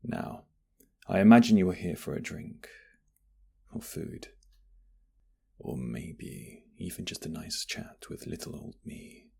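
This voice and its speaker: Man doing a flirty barista, whispered role-play, teasing, very deep, husky. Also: big pitch swings, takes it slowly, pauses often, heavily acted. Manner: flirty, teasing, soft-spoken. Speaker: ASMR roleplay voice actor.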